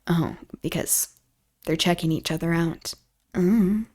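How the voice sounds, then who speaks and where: A woman's voice: lowish voice, slow pace, a little mellow. A woman streamer reading a classic novel aloud, breaking off for casual chatty asides.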